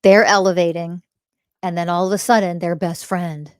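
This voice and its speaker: A woman's voice: on the low side, steady tone, normal speed, clean tone, no echo, clean studio sound. Blunt, swearing woman spiritual teacher. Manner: emphatic, confrontational, swears often, fires rhetorical questions; repeats key phrases for emphasis. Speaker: podcast host and spiritual teacher.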